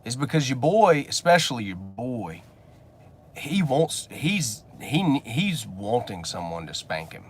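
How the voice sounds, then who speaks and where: A man's voice: medium pitch, big pitch swings, slow pace, a little hiss or hum. A man giving a blunt, preachy motivational rant from his car, swearing casually as he talks to his viewers. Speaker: business coach and channel host.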